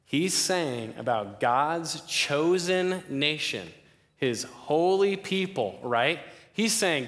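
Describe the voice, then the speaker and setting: A young man preaching a sermon to a campus crowd, lively, often asking the listeners questions. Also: on the high side, takes it slowly. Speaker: campus ministry speaker. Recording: long hall reverb.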